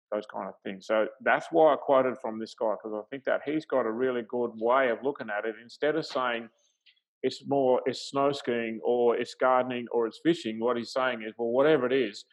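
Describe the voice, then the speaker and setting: A man's voice: mid-range voice, highs cut off. Reflective middle-aged male talk host. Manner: reflective, thinking aloud, chuckles easily. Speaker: life coach and show host. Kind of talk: conversational talk-show monologue.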